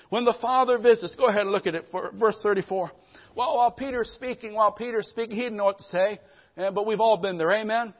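Male pastor, high voice, fervent sermon delivery with call-outs for amens, dull lo-fi live church recording. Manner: fervent preaching, calls for amens. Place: church service. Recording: dull lo-fi live stream audio.

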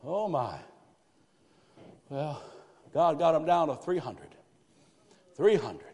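A man preaching a lively sermon, swinging from loud cries to hushed asides. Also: a little high, takes it slowly. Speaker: pastor. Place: church sanctuary. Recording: live church sanctuary with long reverb.

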